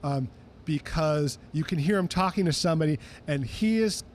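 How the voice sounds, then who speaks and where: Male guest, music historian, high voice, animated anecdote-teller. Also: normal speed, a little hiss or hum. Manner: animated, acts out quoted voices. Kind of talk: casual interview storytelling.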